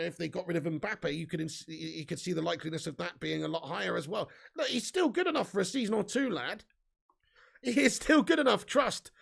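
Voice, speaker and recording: A chatty young man hosts a live fan news stream and reads out viewers' comments as they come in. His voice sits fairly high and carries a heavy gravelly rasp. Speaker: fan channel host.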